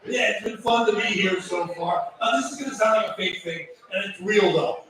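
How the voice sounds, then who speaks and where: A man's voice: high-pitched, normal speed. A man doing a crude, rambling open mic stand-up set in a small comedy venue. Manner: deadpan, crude, rambling delivery. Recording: echoey room, voice from far off.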